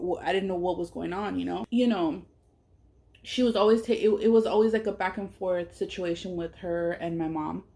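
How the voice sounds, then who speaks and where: A woman's voice: medium pitch, darkish tone. A woman and mother telling a personal story while eating on camera, talking in a blunt, emphatic way, swearing freely and speaking openly about her feelings. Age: adult parent. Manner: candid and emotional. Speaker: mukbang vlogger.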